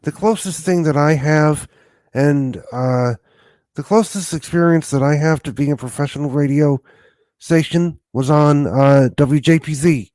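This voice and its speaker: A man hosting a podcast interview, talking in a halting way with many pauses and restarts. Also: fairly high pitch, a little mellow, dry recording. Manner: halting, many fillers and restarts while asking. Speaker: podcast host.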